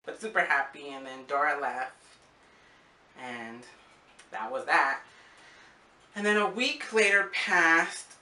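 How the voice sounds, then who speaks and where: A young man from Arizona talks through his year in a loose, rambling way, full of fillers and little restarts. His voice is bright and edged. The room around him rings with noticeable echo. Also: fairly high pitch, slow, pauses often, recorded from a distance. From Arizona, USA. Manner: rambling, with frequent fillers and acted-out quotes. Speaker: vlogger. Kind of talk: casual personal storytelling. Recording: echoey room.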